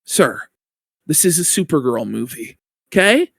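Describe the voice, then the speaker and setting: A man co-hosting a stream, loudly mocking a video clip with excitable, swearing commentary and mock sobbing. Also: a little high, unhurried, gravelly, husky, dry recording, clean studio sound. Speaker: stream co-host.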